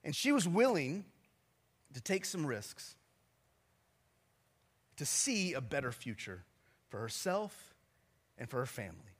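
A man's voice: fairly high pitch, very animated, a little slow, pauses often, husky. A man in his forties, a pastor preaching a sermon in a chatty, self-deprecating storytelling manner with asides to the congregation. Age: 40s.

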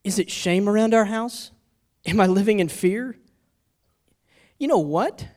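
Speaking at a measured pace in a voice that sits high, a middle-aged man preaches a sermon full of personal stories. He moves between hushed, confessional moments and loud, urgent ones.

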